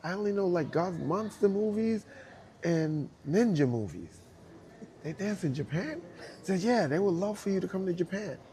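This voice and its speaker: A middle-aged man, a dancer telling a lively story and acting out the voices of the people in it. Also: high voice, normal speed. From Brooklyn, New York. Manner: acts out both sides of dialogue, laughing often. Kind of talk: animated storytelling.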